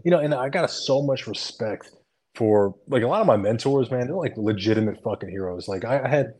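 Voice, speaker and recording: Podcast co-host guy, casual rambly chat, animated, swears a lot. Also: mid-range voice, brisk.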